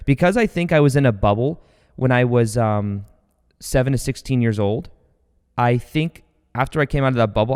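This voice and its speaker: A man hosts a podcast and tells personal stories in a loose, energetic way, restarting his sentences often. His voice is smooth and clear. A long reverb trails behind it, as if he were recording in a large hall. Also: medium pitch. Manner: rambling, energetic, with many fillers and restarts. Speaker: podcast host. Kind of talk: casual storytelling monologue.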